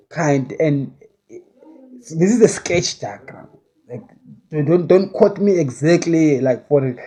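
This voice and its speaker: A man's voice: a little high, warm tone, highs cut off. A man recounting a vision in a casual spoken monologue, rambling and hedging as he talks. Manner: rambling, with many restarts and hedges.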